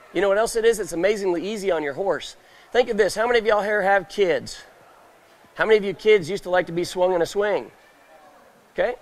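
A high-pitched man with a drawl teaches roping on a trade show stage. His talk is folksy, and he keeps firing questions at the crowd and acting out little scenes. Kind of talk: live demonstration talk to a crowd. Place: indoor trade show stage, live audience.

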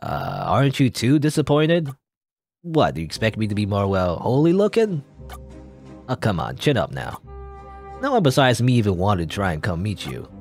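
A man's voice: on the low side, huge pitch swings, normal speed, a little mellow, faint music behind. A man voicing a smug, chatty male guardian angel in a game, breezy and teasing. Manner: breezy, teasing, self-satisfied.

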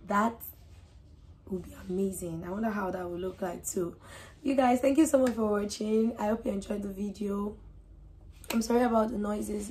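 A woman hosting a reaction video, chatting casually and getting emotional, with soft laughs between her remarks. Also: medium pitch. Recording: faint background noise.

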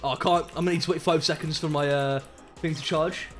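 A young man from Birmingham with a Birmingham accent, chatting excitably and in slang while streaming a game. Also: a little high, fast, soft background music. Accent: Birmingham English. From Birmingham, England. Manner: excitable, slangy, many hums of agreement. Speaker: live streamer. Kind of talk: casual gaming stream chat.

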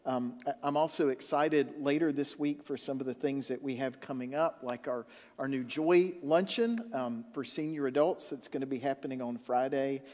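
Man praying in a reverberant sanctuary. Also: mid-range voice. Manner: earnest, gentle, with halting restarts. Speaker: pastor. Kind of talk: welcome and pastoral prayer. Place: church sanctuary. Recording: long church reverb.

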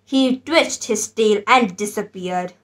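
A woman reading a children's storybook aloud, in a gentle, expressive storyteller manner. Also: medium pitch, takes it slowly.

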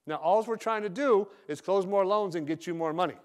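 A man gives a motivational sales talk to a room of loan officers. His voice sits a little high, and he speaks plainly, with slang and dry humor. He comes across as a direct manager who does not mince words. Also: a little fast, hardly any pauses. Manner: direct, joking, casual with slang.

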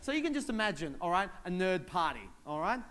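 A man performing a stand-up comedy routine at a convention, animated and acting out little voices. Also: high voice, a little fast. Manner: animated, acts out voices and shouts for effect. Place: convention stage.

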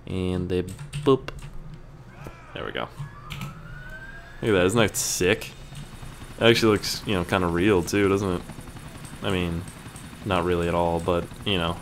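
A young man giving rambling, profane gameplay commentary, breaking into yells at the game. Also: low-pitched, a little hiss or hum. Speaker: gaming YouTuber.

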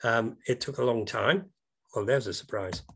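A man's voice: medium pitch, normal speed, gravelly, fairly bright tone, slightly rough. A British man giving an informal slide talk over a video call, rambling and hesitant with many ums, breaking into enthusiastic asides. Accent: British English.

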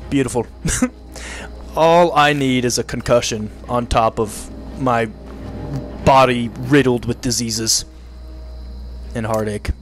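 A man giving joking let's-play commentary, partly in character, often laughing and yelling at enemies. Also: medium pitch. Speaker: gaming video creator.

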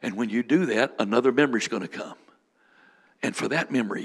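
A man's voice: mid-range voice, quick pace, gravelly. A man preaching as a bishop, leading a fervent prayer with repeated lines and speaking in tongues. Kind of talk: sermon with prayer ministry.

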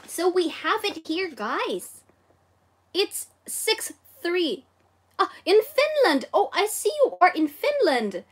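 A woman teaching Japanese on a casual livestream reads viewer comments with an extremely high, sing-song voice at a slow pace, her accent Filipino. She's bubbly, code-switches, and giggles and exclaims a lot.

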